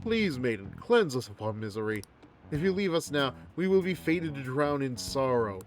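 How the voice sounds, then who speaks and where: A man's voice: big pitch swings, soft background music, lightly acted. A man wailing as desperate cult devotees. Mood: pleading. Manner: slow, shrill, wailing pleas.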